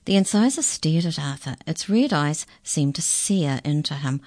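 A woman reading a children's storybook aloud, unhurried and expressive. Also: low voice, no echo, clean studio sound.

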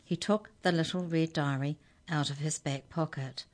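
Low-voiced woman narrator for a children's storybook, calm and measured. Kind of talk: reading a children's story aloud.

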